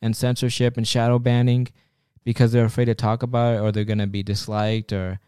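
A man's voice: medium pitch, level tone, a little fast, mellow, clear, resonant tone, dry recording, clean studio sound. A man co-hosting a casual podcast, rambling and joking at his own expense, often restarting his sentences. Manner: rambling, self-mocking humor with frequent restarts. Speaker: podcast co-host.

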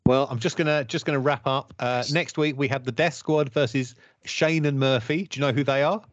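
A man co-hosting a casual review podcast, picking things apart in a wry, measured tone. His voice sits at an ordinary middle pitch. The recording is close and dry, with a slightly muffled top end. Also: fairly even intonation, dry recording. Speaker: podcast co-host. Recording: dull, dry podcast audio.

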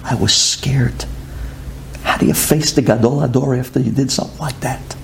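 Man playing old man looking back, solemn and hushed, gravelly tone, near the narrator's own voice. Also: medium pitch, fairly even intonation, normal speed, a little hiss or hum, natural voice. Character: elderly man recalling his youth, solemn and moved.

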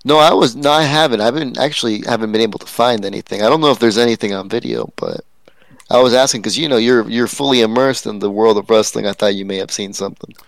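A man chatting casually as a guest, asking relaxed questions with hesitant restarts. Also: lowish voice, fast, creaky, no echo. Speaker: podcast guest. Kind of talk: casual chat.

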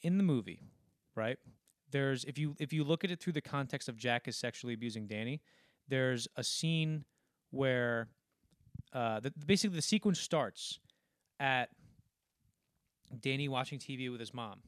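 A man on a podcast walking through film scenes at length, rambling and slipping into quick impressions of the characters. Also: mid-range voice, dry recording, clean studio sound. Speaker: podcast co-host. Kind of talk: casual film discussion.

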